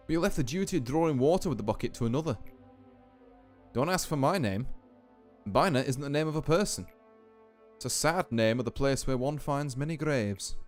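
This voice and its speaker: A man voicing a stately woman who keeps a deep well, with a put-on Scottish accent and a slow, grand delivery, reading game dialogue aloud. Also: natural voice.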